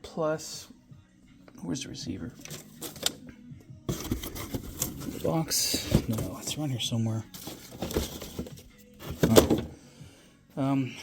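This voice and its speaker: A man's voice: fairly high pitch, very noisy. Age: adult. Sex: man. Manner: rambling, swearing, slightly winded. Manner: rambling, frequent fillers, casual swearing. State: slightly winded after illness. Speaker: car restoration vlogger. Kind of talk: casual workshop walkthrough.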